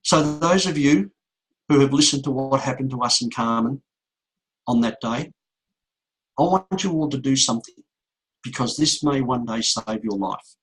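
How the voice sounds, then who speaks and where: Husky man giving an emotional talk. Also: medium pitch, animated, poor audio. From Australia. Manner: slow, repetitive storytelling with emphatic pauses. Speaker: motivational speaker. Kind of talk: emotional speech to an audience.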